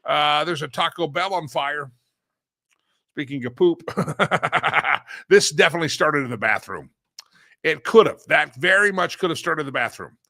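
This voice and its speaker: A man's voice: a little high, animated, a little slow, vocal fry, bright, forceful tone, no echo. A man hosting a political talk show, joking around and chanting sing-song catchphrases. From Colorado, USA.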